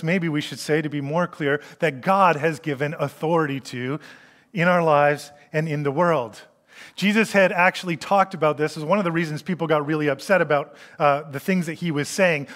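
A man preaching a sermon in an animated way, acting out the voices he quotes. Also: a little high, in a large hall.

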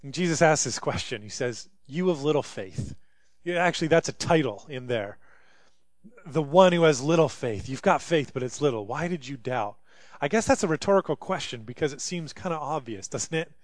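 A man preaching with a notably high voice. His delivery is impassioned, swelling into loud pleas and sinking to near hushes. The sound is close and dry, with no room around it. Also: lively intonation, normal speed, no echo. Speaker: pastor. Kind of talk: sermon.

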